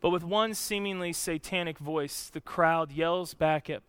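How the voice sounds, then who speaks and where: A male pastor preaching a sermon, telling the story with drama and swinging from loud emphasis to hushed, somber lines. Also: fairly high pitch, unhurried, few pauses, clean tone, dry recording.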